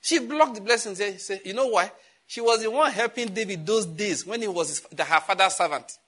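Bright husky Nigerian preacher. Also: male voice, high voice, fairly quick. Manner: animated preaching, laughing at his own jokes, calls for congregation responses. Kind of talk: sermon.

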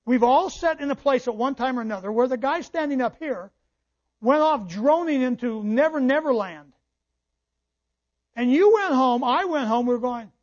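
A man's voice: extremely high pitch, animated, normal speed, pauses often. A male pastor preaching a sermon, reading scripture aloud and explaining it to his congregation. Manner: preaching with quoted scripture and asides. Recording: dull lo-fi church recording.

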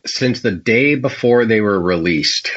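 A man's voice: fairly low pitch, expressive, a little slow, a bit bright, slightly rough, lo-fi sound. A man from Canada, a guest on a hobby podcast, bantering wryly and mocking himself. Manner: wry, self-mocking banter. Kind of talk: casual hobby podcast chat.

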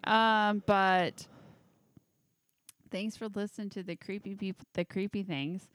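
A woman's voice: mid-range voice, fairly even intonation, slow pace, a bit bright, smooth, no echo, studio quality. Giggly tipsy woman podcast host. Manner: giggly, swearing, stumbling over names. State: tipsy, with hiccups. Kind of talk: casual chat, reading a list of creepy legends.

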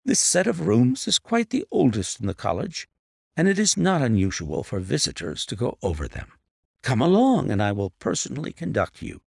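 A man's voice: medium pitch, huge pitch swings, moderate pace, vocal fry, a little mellow, breathy edge, voice pushed up, heavily acted. A man reading an audiobook, voicing a fussy, anxious male college tutor who pleads earnestly. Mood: obliging.

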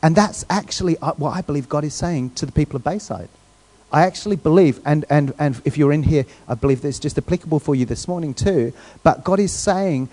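A man preaching a sermon in a church in a relaxed, conversational way, often checking in with the congregation. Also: on the high side, a little fast. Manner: conversational, asks the crowd questions, restarts often. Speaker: guest preacher.

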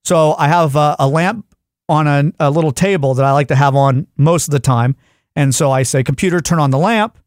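A man's voice: a little high, normal speed, no echo, studio quality. A man hosting a podcast, telling a comic story in casual chat and acting out his frustration. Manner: animated storyteller, acts out yelling at devices. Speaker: podcast host.

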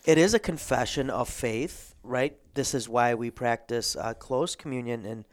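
A man's voice: medium pitch, moderate pace. Thoughtful man discussing theology. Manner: thoughtful, with frequent ums and throat clearing. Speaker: Lutheran pastor and host.

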